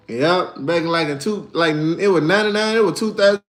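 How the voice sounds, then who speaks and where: A man chatting casually on a livestream, slangy and animated, telling stories and answering viewers. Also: a little high, brisk. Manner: animated, slangy, storytelling with put-on voices. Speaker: livestreamer and musician.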